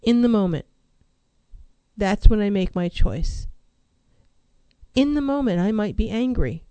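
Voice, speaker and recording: Mellow-voiced woman counselor, emphatic. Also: medium pitch, lively intonation, a little slow, clear, resonant tone, no room sound, poor audio. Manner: emphatic, repeats key phrases, asks rhetorical questions. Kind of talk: motivational talk on mental health.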